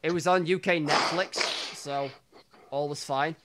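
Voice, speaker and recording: A man's voice: fairly high pitch, steady tone, measured pace, noisy background. A man co-hosting a podcast in casual chat, rambling and restarting his sentences, swearing casually. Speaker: podcast co-host.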